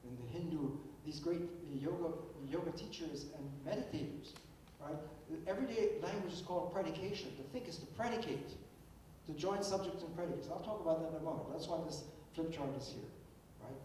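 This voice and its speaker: A man's voice: fairly quick, dark tone. An older man gives an emphatic philosophical keynote lecture, often repeating words as he restarts a thought. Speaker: keynote speaker. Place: lecture hall. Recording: echoey hall, distant mic, faint rumble.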